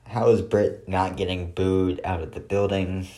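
Deep-voiced man, dry sarcastic recap. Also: little pitch movement, unhurried, mellow. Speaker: wrestling show reviewer. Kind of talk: casual solo recap.

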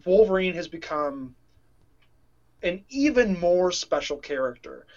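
A man's voice: high-pitched, very animated, measured pace. Man, casual podcast chat, rambling, emotional, dull lo-fi recording. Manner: rambling, restarts sentences, emotional. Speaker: podcast co-host. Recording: dull lo-fi sound.

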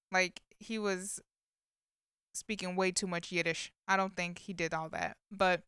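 A woman with a bright, forward voice talks casually, filling her retelling with likes and you-knows. Her tone is very smooth and clean, recorded close and dry with no room sound. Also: mid-range voice, dry recording. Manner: chatty storytelling with many fillers. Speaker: vlogger recapping a movie. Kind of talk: casual chat.

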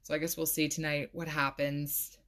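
A woman's voice: sits low, little pitch movement, normal speed, fairly bright tone. A woman hosting a casual solo podcast, chatty and full of "like," laughing now and then. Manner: chatty, says "like" a lot, laughs often. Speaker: podcast host.

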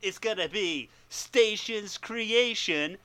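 A man's voice: sits high, slow, bright, forceful tone, smooth, voice pushed up, exaggerated voice. A man putting on the drawling, slang-heavy voice of two laid-back young male surfer-dude time travelers. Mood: stoner-excited.

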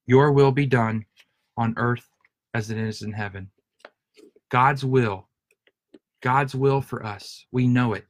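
A man's voice: medium pitch, no echo. A man preaching a sermon in an earnest, emotional way, often restarting and repeating his words. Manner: earnest, repetitive, stumbling restarts. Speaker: pastor.

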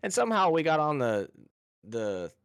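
A man's voice: fairly high pitch, normal speed, smooth, no echo. A man in his thirties chats on a podcast and tells his stories with lots of movement in his voice, rising and falling as he acts out each voice. The sound is dry and close, with no room around it. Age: 30s. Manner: animated storyteller, acts out voices. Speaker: podcast guest. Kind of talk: casual chat, storytelling.

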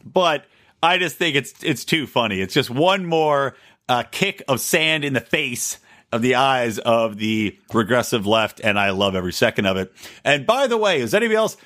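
A man hosting a solo political podcast, talking in a sarcastic, mocking, animated way. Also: mid-range voice, normal speed. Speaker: podcast host.

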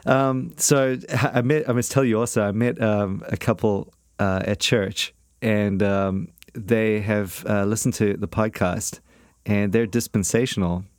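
Brief: male podcast host, lowish voice, rambling jokey chat, dry close sound. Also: steady tone, a little slow, darkish tone, dry recording. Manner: joking, rambling with many fillers. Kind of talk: casual chat.

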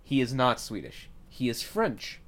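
A man's voice: medium pitch, sing-song. A man hosting a casual comedy podcast, rambling through a made-up film plot and briefly acting out its characters. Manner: rambling storyteller who acts out characters in quick bits. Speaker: podcast host.

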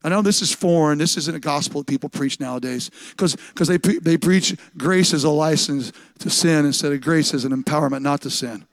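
Guy preaching a sermon, high voice, keeps repeating himself for emphasis, dry close sound. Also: a little fast, gravelly, hardly any pauses, dry recording. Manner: repetitive, emphatic preaching with stammered restarts. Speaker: pastor.

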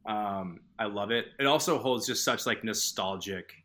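Guy from boston gushing about movies, super bright voice, curses a lot. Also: lowish voice, moderate pace. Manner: excited, swears a lot, quotes film lines. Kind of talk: casual movie chat.

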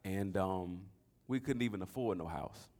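A middle-aged man, preaching a sermon that swings from soft storytelling to shouting. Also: low-pitched, moderate pace. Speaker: pastor.

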